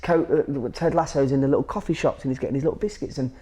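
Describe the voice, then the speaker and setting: A man's voice: medium pitch, quick pace, warm tone. A man with a Grimsby accent, an actor chatting as a guest, rambling with many restarts. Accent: Grimsby, Lincolnshire. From England. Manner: rambling, restarts often, says "it's kind of like". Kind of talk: casual chat.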